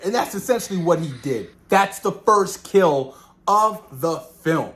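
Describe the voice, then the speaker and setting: A man talking through a movie he just watched, loose and rambling, with a voice pitched a little above the usual for a man. He stumbles over and repeats words and slips into quick impressions of what people said. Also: a little hiss or hum. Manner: animated, rambling, repeats words, acts out quotes. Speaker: movie reviewer. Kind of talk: casual film review vlog.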